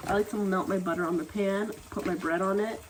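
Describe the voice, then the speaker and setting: A woman's voice: medium pitch, fairly even intonation, fairly quick. Chatty woman vlogging outdoors, noisy. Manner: chatty, playful, talks to her dog. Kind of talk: casual vlog narration. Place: outdoors on a seaside cliff.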